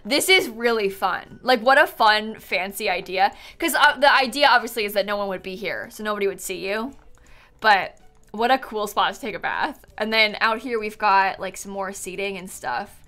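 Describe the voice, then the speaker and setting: Bright-voiced bubbly woman streamer. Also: mid-range voice, moderate pace, soft background music. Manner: bubbly, chatty, many "like"s. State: sleepy, yawning. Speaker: streamer touring viewer builds. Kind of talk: casual live-stream chat.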